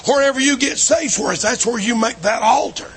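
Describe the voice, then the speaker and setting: A man preaching a revival sermon in a church, swinging between shouting and low, hushed lines. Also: fairly quick, slightly rough. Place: church building.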